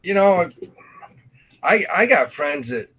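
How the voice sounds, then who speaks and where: A man's voice: high voice, very animated, takes it slowly, fairly bright tone, breathy edge. A man in a casual podcast chat, telling rambling anecdotes full of "you know" and "uh". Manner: rambling anecdotes with many fillers.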